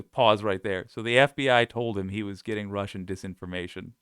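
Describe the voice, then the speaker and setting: A man hosts political commentary in a sarcastic, scoffing way, reading quotes aloud and picking them apart. His voice sits low and sounds smooth and clear. The recording is dry and close. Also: brisk, a bit bright, no echo. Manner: sarcastic, scoffing, frequent laughs.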